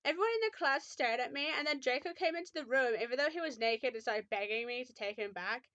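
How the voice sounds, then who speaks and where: A woman's voice: high voice, animated, fast, bright, forceful tone, dry recording, dull audio. A young woman reading a fan fiction aloud with mock drama, often breaking off to make sarcastic remarks.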